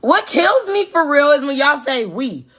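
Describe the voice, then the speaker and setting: High-pitched, animated woman, combative commentary. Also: a little slow. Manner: scornful, combative.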